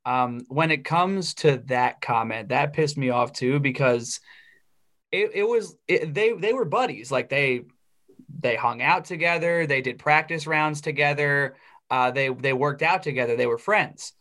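A young man co-hosting a podcast, voice at an ordinary middle pitch. He chats casually and opinionatedly, rising into animated rants. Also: unhurried. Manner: opinionated, animated when ranting. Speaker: podcast co-host. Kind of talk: casual chat.

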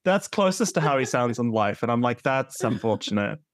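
A man co-hosts a casual podcast and talks in an animated way, laughing often as he gets playfully exasperated. His voice sits at an ordinary pitch and sounds dry and close. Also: brisk, dry recording. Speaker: podcast co-host. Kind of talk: casual chat.

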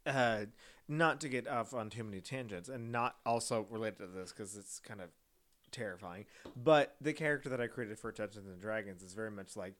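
A man's voice: fairly low pitch, moderate pace, a bit bright. A man co-hosting a casual podcast, chatty and rambling, reacting and going off on tangents. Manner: chatty, rambling, laughs often. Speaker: podcast co-host. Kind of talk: casual chat.

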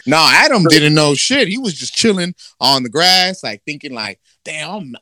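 Casual male talker, lively swinging pitch, bright tone, dry close sound, acts out voices in a profane story. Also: normal speed, few pauses, no echo. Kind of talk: casual comedic chat.

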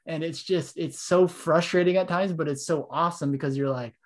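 A man co-hosting a podcast, telling animated stories in casual chat and acting out what people said. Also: a little high, fairly quick. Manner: animated storytelling, lots of "like", acts out quotes. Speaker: podcast co-host.

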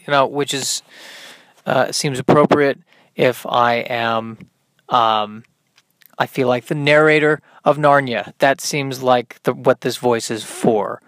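A young man with a high tenor voice hosting a solo podcast, rambling in a dry, self-mocking way with many ums and restarts. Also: slow pace, fairly bright tone, dry recording. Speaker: podcast host. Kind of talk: solo comedic podcast monologue.

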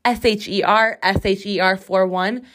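A woman's voice: mid-range voice, steady tone, a bit bright. A young adult woman hosting a casual podcast with her sister, joking and chatty, recorded on a bathroom floor. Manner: bubbly, joking, quick to plug her socials. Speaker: podcast host. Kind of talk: casual chat.

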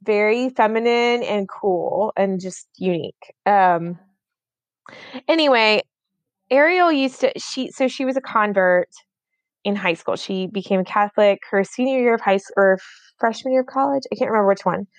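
A woman's voice: mid-range voice, moderate pace, no room sound. A woman in her thirties co-hosting a podcast, rambling in a casual chat with many fillers and restarts. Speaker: podcast co-host.

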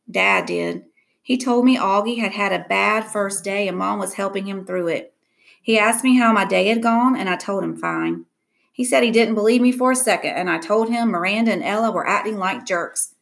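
A woman reads a first-person audiobook narration with expressive, lively delivery. Her voice sits at a mid pitch. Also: normal speed, vocal fry.

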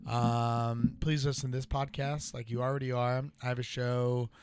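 A man's voice: medium pitch, little pitch movement, moderate pace, a little mellow, smooth, dry recording. A man who is a stand-up comedian, guesting on a podcast, laid-back and agreeable, plugging his upcoming shows. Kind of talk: casual podcast chat.

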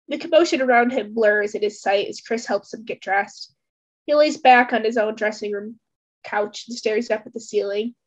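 A woman's voice: on the high side, muffled recording. A woman host giving a dramatic, theatrical reading of fan fiction. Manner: theatrical storytelling.

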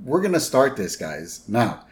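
A man's voice: medium pitch, big pitch swings, unhurried. A man co-hosting a podcast, recapping a cartoon episode in a chatty way and often checking in with "right?". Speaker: podcast co-host.

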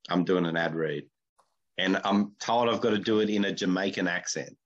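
A man's voice: low-pitched, moderate pace, muffled recording. A man hosting a podcast in casual chat, with a blunt, opinionated and crude way of talking. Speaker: podcast host.

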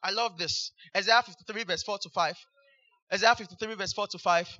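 A man's voice: high-pitched, fairly quick, pushed and bright, lo-fi sound. A man preaching a fervent sermon, repeating hallelujah between Bible verses.

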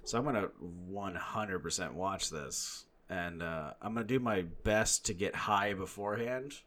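A young man trades profane, sarcastic banter as a podcast co-host. His voice sits a little low, and he laughs often between jabs. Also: normal speed, fairly bright tone.

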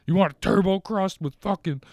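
A pushy, insistent pizza-ordering voice, as a man puts it on, pitched well above his own and louder. It nags in a mocking sing-song. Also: brisk, no echo, natural voice. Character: pushy male pizza-app upsell voice.

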